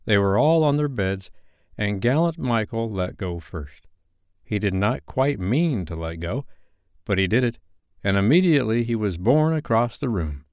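A man reading a classic children's novel aloud as a bedtime story, in an expressive, lively manner. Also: on the low side, normal speed, no room sound, studio quality.

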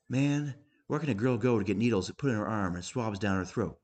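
A man with a fairly low voice reads comic short pieces aloud. His delivery stays dry and matter-of-fact, letting the jokes land on their own. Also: animated, a little fast, few pauses, darkish tone. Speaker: reader. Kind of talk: reading humorous writing aloud.

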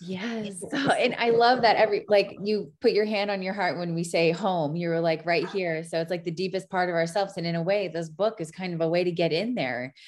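Female podcast host, lower-pitched, chatty and enthusiastic. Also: fairly even intonation, fairly quick, hardly any pauses. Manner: enthusiastic, chatty, frequent fillers and laughs. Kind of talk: casual podcast conversation.

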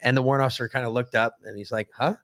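A man hosting a podcast, telling a crude army story in casual, profane, animated chat. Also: medium pitch, rapid-fire, no room sound, studio quality. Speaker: podcast host.

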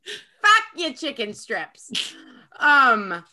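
A woman with a Midwestern accent chatting casually as a podcast co-host, animated and swearing freely while she laughs through her stories. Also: sits high, extremely slow, slight background noise. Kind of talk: casual chat.

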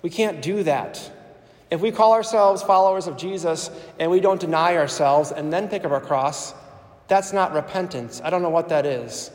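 A man's voice: fairly high pitch, darkish tone. A man preaching a sermon in a church, earnest and conversational, repeating phrases for emphasis. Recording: echoey church with long reverb.

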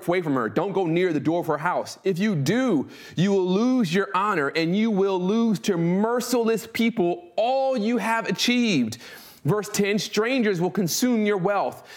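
A young man preaching a sermon, reading scripture aloud and then commenting on it in casual slang, slowing down to stress words. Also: sits high. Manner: slows and stresses words for emphasis.

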